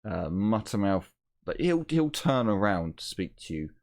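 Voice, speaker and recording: Slow, low-voiced game master. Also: male voice, sing-song, a little mellow. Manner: halting, full of fillers. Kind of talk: narrating a tabletop game.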